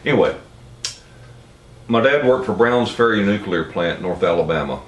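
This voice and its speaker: Low-voiced and animated, a middle-aged Southerner from Tennessee briskly spins a rambling, plainspoken folksy anecdote. Faint ambience and a little hiss or hum come through the distant, roomy mic.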